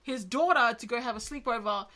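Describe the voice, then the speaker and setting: Brisk and bright, with a fairly high, pushed voice, this podcast co-host retells stories in a rambling, casual way, leaning heavily on filler words.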